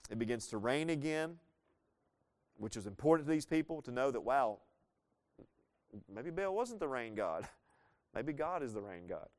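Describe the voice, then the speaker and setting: Preaching in a sing-song, medium-pitched voice, a man walks through a Bible story in a chatty way, dropping in playful asides and reading scripture at a slow pace.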